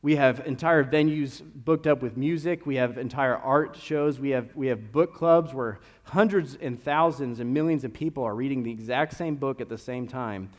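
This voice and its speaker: Young preacher with a Kentucky accent. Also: male voice, mid-range voice, normal speed, hardly any pauses. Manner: storytelling, conversational with animated rises. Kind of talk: sermon. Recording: long reverb of a church hall.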